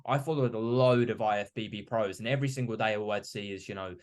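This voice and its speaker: A man's voice: fairly low pitch, fast talker. A young man hosting a podcast, talking reflectively in a rambling way full of "you know" and "like". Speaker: podcast host. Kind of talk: casual podcast chat.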